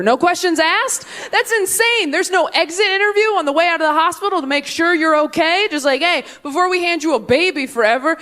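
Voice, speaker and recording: A woman's voice: very high-pitched, animated, brisk, hardly any pauses, a bit bright. A woman performing a stand-up comedy set on stage, with a punchy, sardonic delivery that acts out the voices she quotes. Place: comedy stage before a live audience.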